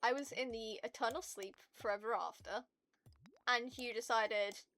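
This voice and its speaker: A woman streaming to her viewers in casual chat, ranting in an animated and profane way. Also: on the high side, moderate pace.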